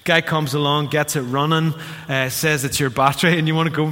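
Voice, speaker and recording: A man delivers a sermon from the pulpit, animated and quick to act out voices as he tells his stories. His voice is bright and forceful. It rings with the long reverb of a church hall. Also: fairly high pitch. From Northern Ireland. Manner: animated storyteller, acts out voices. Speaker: pastor.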